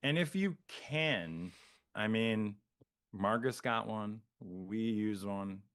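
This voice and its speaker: Lowish voiced guy on a podcast, easygoing, keeps saying yeah. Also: animated, slow, fairly bright tone, smooth. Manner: agreeable, frequent backchannels. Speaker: podcast co-host. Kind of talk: casual chat.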